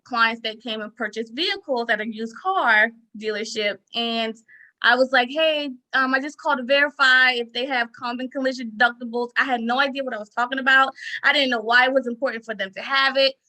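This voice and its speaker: A woman insurance broker, a podcast guest, talking casually and telling stories with lively emphasis. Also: fairly high pitch, rough recording. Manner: animated storyteller, acts out quoted lines with emphasis. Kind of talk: casual interview talk.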